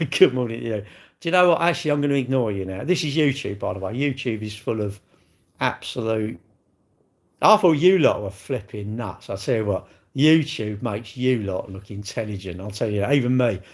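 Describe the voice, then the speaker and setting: A man's voice: mid-range voice, lively intonation, moderate pace. A man hosting a casual livestream, talking to his viewers with blunt, cheeky banter and crude swearing. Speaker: livestream host reading viewer chat. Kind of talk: casual live-stream chat.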